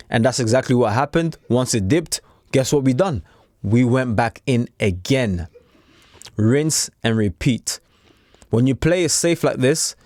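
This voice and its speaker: A man's voice: mid-range voice, a little mellow, no room sound, studio quality. A man talking casually to camera as a trading coach, chatty and repetitive, with streetwise slang. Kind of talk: casual unscripted talk to camera.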